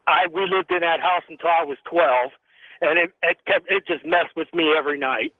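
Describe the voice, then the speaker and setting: A man phoning into a late-night radio show tells his story in an earnest, steady way, pausing on ums. His voice sits high for a man. It comes through a thin phone line with no room sound. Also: no echo. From Tennessee. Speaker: caller.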